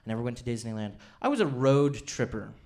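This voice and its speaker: A young man from Utah performing a stand-up comedy set on a club stage with a handheld mic. He is chatty and self-deprecating, and he slips into quick impressions of his family. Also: mid-range voice, big pitch swings, a little mellow. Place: comedy club stage before a laughing audience.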